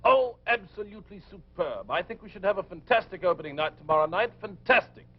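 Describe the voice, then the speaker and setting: Posh twin brother, chirpy and clipped, high husky voice. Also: male voice, lively intonation, fairly quick. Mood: chipper. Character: upper-class English male theatre agent, chipper. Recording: dull old film soundtrack.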